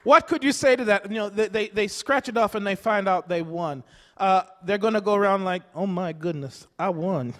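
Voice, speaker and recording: Male preacher with a very high voice, rousing and emphatic, in a reverberant church. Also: brisk, sharp tone. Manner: rousing, repetitive call-and-response preaching. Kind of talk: sermon.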